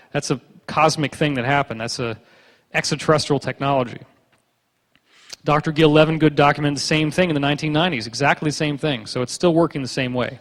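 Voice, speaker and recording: A man giving a conference lecture with slides, a joking, sarcastic storyteller who acts out the people he quotes. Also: fairly high pitch. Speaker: conference speaker. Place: conference hall. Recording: long hall reverb.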